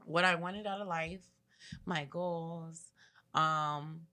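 A woman's voice: low voice, steady tone, slow, sharp tone. A young woman guest on a podcast, talking candidly and bluntly in casual chat.

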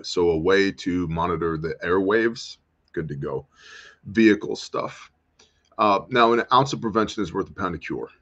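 A man's voice: sits low, normal speed, a bit bright, lo-fi sound. An American man hosting a livestream, chatting casually, joking around and answering viewer comments. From United States. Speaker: host. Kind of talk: casual livestream talk reading chat.

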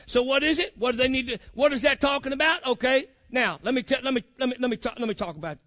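A man's voice: very high-pitched, quick pace, sharp tone, no room sound. A man preaching a sermon, fiery and colloquial, calling out to his congregation. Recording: muffled lo-fi recording.

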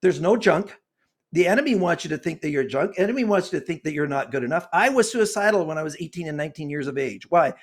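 Brief: impassioned older man, sixties, high voice, preachy interview guest. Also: lively intonation, fast talker. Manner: impassioned, preachy, gets worked up. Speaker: guest author and consultant. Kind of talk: earnest interview talk.

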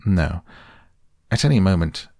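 Man reading pompous old owl, very low, raspy. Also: expressive, mellow, dry recording, studio quality, heavily acted. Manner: pompous, slow and wordy. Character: pompous wise old owl, long-winded.

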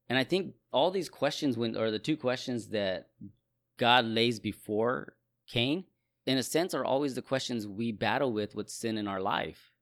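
A man's voice: medium pitch, animated, moderate pace, fairly bright tone, no echo, studio quality. A man musing through a casual Bible discussion, thoughtful and prone to restarting his sentences. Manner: reflective, frequent restarts.

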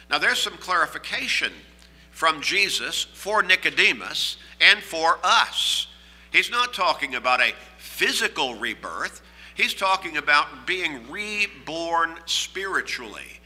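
A man preaching a sermon, teaching in a measured way and reading scripture aloud with emphasis. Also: a little high, expressive, pushed and bright, in a large hall, low-quality recording.

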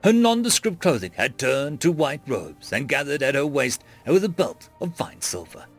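A man narrating a fantasy story in a dramatic, expressive reading. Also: medium pitch, normal speed, faint music behind.

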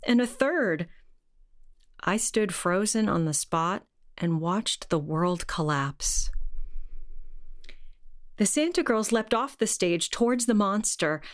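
A woman reading a short story aloud in a measured, deadpan narrating voice. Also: medium pitch.

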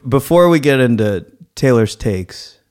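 A man in his thirties telling a story in casual chat as a podcast co-host, acting out the people he quotes. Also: a little slow. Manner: animated storytelling, acts out quoted people with rising pitch.

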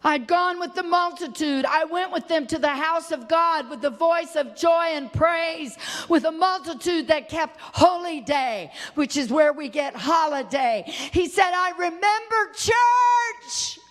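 A middle-aged woman preaching a sermon, swinging from loud impassioned cries to hushed, low, tearful tones. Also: a little slow, big-room sound. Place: church sanctuary.

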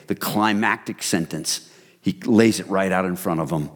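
A man's voice: low-pitched, moderate pace. Man, middle-aged, pastor, conversational sermon, long hall reverb. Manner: conversational, addresses listeners as "you guys".

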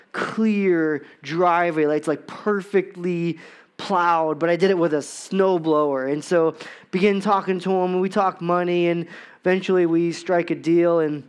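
Guy preaching, highish voice, storytelling into questions, thirties maybe. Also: smooth. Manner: storytelling, expressive, rhetorical questions. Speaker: pastor. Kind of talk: sermon with personal story.

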